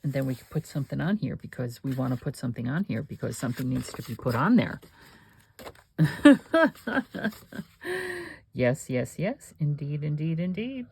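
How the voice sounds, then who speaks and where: A woman's voice: extremely low pitch, lively intonation, moderate pace, gravelly, pauses often, mellow, slightly rough. A woman hosting a crafting video, chatting and thinking aloud with rambling asides while she works. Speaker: crafting channel host.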